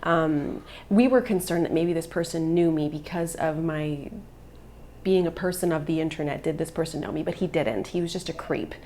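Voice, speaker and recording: A woman's voice: low-pitched, moderate pace, dark tone, a little hiss or hum. A woman in her thirties, a vlogger and mother, telling a personal story in an earnest, emotional way.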